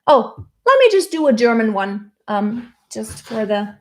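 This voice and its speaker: A woman's voice: on the high side, big pitch swings, a little slow. A woman singing teacher talking casually through a vocal lesson, breaking off to demonstrate. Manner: chatty, demonstrating by singing snippets. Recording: loud music playing behind.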